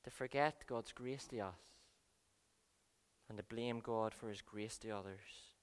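A man preaching a sermon, earnest, swinging between soft and loud passages. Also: fairly low pitch, unhurried, smooth. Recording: long reverb of a large hall.

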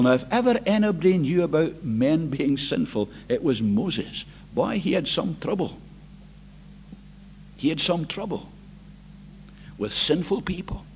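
A man's voice: high voice, husky. A man preaching an evening church sermon, impassioned and emphatic, stretching out key words and putting rhetorical questions to the congregation.

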